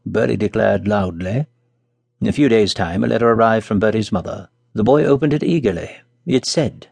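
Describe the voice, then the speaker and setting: A man narrating a children's story in a calm, even tone. His voice is gravelly with a husky edge, and the recording is close and completely dry. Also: fairly low pitch, normal speed, dry recording. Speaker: audiobook narrator.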